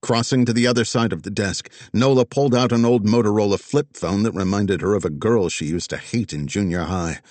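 A man narrating a crime story as an audiobook, with expressive, dramatic storytelling. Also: on the low side, brisk, hardly any pauses, no echo.

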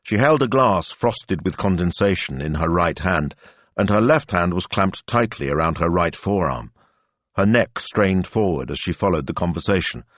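A man narrating an audiobook in a measured, expressive storytelling manner. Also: low voice, no echo.

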